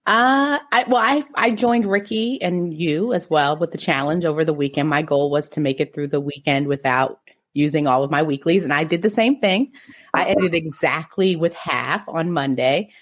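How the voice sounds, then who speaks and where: A woman chatting casually as a podcast co-host, telling stories in an animated, playful way. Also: low-pitched, moderate pace. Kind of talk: casual group chat.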